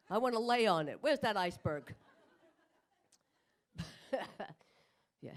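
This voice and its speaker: A woman's voice: medium pitch, expressive, takes it slowly, long pauses. An older woman doing a stand-up comedy set on a club stage, with brash, profane, self-mocking punchlines. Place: comedy club stage in front of a live audience.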